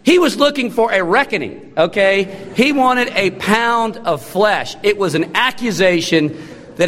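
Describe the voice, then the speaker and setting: A man's voice: animated, fairly bright tone. Emphatic man preaching in a reverberant hall. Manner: emphatic preaching with sudden drops to a low, slow, solemn tone. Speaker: pastor. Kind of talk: sermon. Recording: long reverb of a large hall.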